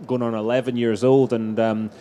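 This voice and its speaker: A man's voice: medium pitch, little pitch movement, moderate pace, warm tone, clear, resonant tone. A middle-aged man telling anecdotes as a guest in a live stage interview. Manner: anecdotal storytelling, frequent restarts. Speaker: racing driver guest.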